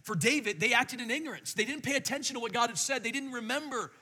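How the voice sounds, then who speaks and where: A middle-aged man preaching a sermon as pastor, telling stories in an animated way and swinging between quiet and loud. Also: very high-pitched, fast talker, breathy edge, long reverb tail.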